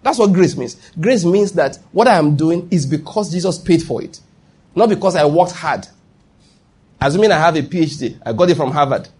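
Nigerian man, pastor, sermon, husky voice, a bit high-pitched, emphatic, checks that listeners follow. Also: lively intonation, moderate pace, a little mellow.

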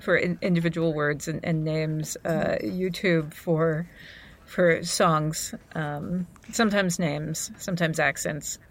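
A woman's voice: sits low, fairly even intonation, takes it slowly. A woman who narrates audiobooks, chatting as a guest in an interview, laughing often between many fillers and restarts. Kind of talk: casual interview chat.

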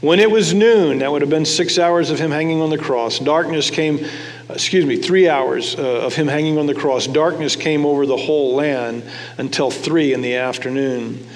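A man's voice: on the high side, moderate pace. Man preaching in a reverberant hall. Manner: conversational preaching, asks the congregation questions. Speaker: pastor. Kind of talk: sermon.

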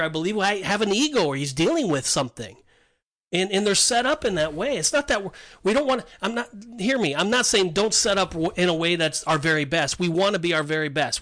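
A man with a fairly high voice talks through a Bible passage in a relaxed podcast chat. He slips into quick acted-out asides to voice what people might say. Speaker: podcast co-host. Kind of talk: casual Bible discussion.

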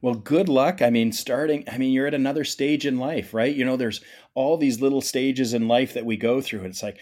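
A man's voice: mid-range voice, fairly even intonation, normal speed, a little mellow. Chatty enthusiastic middle-aged man host. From Ontario, Canada. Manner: chatty, enthusiastic, self-correcting. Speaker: podcast host. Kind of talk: casual medical podcast chat.

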